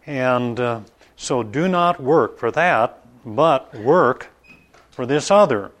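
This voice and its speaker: A man preaching an informal Bible study in a conversational, halting way, with many restarts and asides. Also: medium pitch, lively intonation, fairly bright tone. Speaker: pastor.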